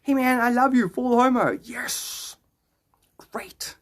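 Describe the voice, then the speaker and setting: A man's voice: extremely high pitch, slow. A man streaming live and chatting casually with his viewers, rambling, joking and greeting them by name. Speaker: livestreamer.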